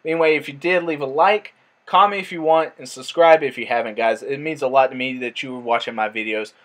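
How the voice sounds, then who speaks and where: A young man vlogging, telling a casual story and acting out the quotes in a higher voice. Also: a little fast. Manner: animated, acts out quotes in a higher voice.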